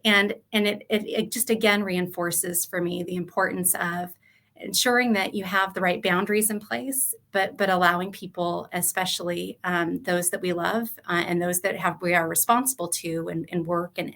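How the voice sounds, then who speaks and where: A middle-aged woman author speaking earnestly about parenting and her chapter, with frequent pauses and fillers over a video call. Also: on the low side, creaky, fairly bright tone. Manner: earnest, halting with many fillers. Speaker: author guest. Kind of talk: personal talk about her book.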